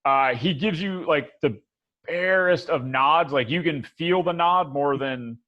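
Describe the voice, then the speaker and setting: A man's voice: fairly high pitch, a little slow, highs cut off. A man running a tabletop game as game master, talking hesitantly with many restarts.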